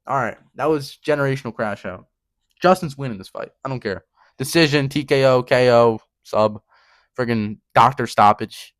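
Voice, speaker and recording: A man's voice: medium pitch, moderate pace, fairly bright tone, no echo. A young man hosting his own channel, ranting heatedly in casual talk, swearing and repeating "bro". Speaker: channel host. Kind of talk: casual fight-prediction rant.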